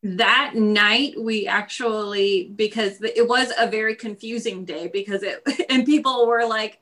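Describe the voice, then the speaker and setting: A woman's voice: on the high side, measured pace, a bit bright. A woman guest telling her own story in a casual interview, laughing often as she talks.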